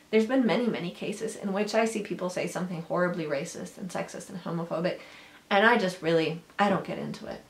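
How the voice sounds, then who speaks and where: A woman's voice: medium pitch, roomy sound. A woman educator giving an earnest workshop talk, acting out the people she quotes. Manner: earnest, acts out quoted voices.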